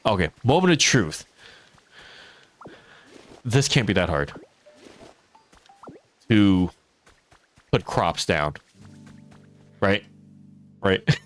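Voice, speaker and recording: A man's voice: deep voice, very animated, extremely slow, long pauses, faint music behind. A man streaming a farming game, chatting casually with his viewers, answering chat and laughing often. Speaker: teacher. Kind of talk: casual live-stream chat while gaming.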